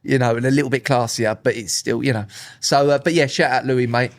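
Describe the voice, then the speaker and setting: A man's voice: mid-range voice, a little fast. A man, chatting casually on a podcast and acting out what others said in his stories. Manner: animated storyteller, acts out quoted voices. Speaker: podcast co-host. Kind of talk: casual chat.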